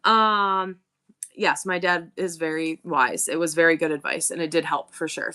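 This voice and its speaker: A woman's voice: sits low, fairly even intonation, moderate pace, pushed and bright, clear, resonant tone. A woman in her forties hosting a live-selling stream, chatting candidly with viewers and rambling through her stories. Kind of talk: casual chat to live viewers.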